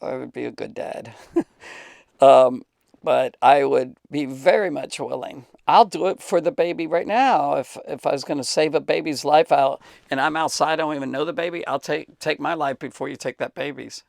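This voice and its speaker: Gravelly male Bible teacher, dry close sound, emphatic off-the-cuff answer full of fillers. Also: a little high, darkish tone, dry recording. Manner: emphatic, halting with many fillers and restarts. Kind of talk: unscripted talk to camera.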